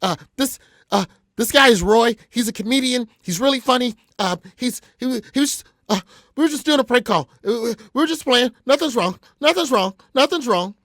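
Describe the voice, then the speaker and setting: A man voicing a panicked male studio producer who stammers out rushed apologies. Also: very high voice, lively intonation, fairly bright tone, dry recording, voice pushed up, exaggerated voice. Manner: frantic, stammering, fast.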